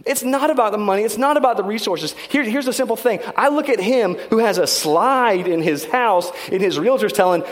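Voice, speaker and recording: A male pastor preaching in a casual, storytelling way, animated and self-deprecating. His voice sits a little higher than most men's. It carries a long reverb from a church hall. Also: a little fast, hardly any pauses. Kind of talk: sermon storytelling.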